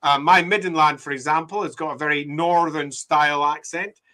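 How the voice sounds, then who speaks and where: A man's voice: a little high, fairly even intonation, normal speed, bright, forceful tone. A Scottish man chatting casually as he maps a game city, reading viewer comments and joking about how bad he is at accents. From Scotland. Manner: chatty and self-deprecating, laughs often. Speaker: game writer and streamer.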